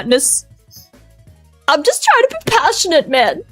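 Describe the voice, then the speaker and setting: A woman with an Australian accent chatting on a live stream, energetic, loud and rambling. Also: very high voice, moderate pace, no echo, soft background music, low-quality recording. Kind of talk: casual live-stream chat.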